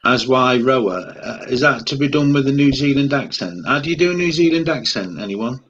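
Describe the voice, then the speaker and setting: A man's voice: medium pitch, lively intonation, fairly quick, a bit bright, slightly rough, muffled recording. A man co-hosting a casual live chat stream, teasing and easygoing in his banter.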